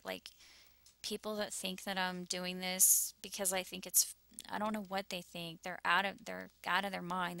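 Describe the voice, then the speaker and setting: A woman's voice: lowish voice, vocal fry, a bit bright, no echo. A woman vlogging anxiously over a map, shaken and close to tears, often dropping into whispers. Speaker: YouTuber sharing visions.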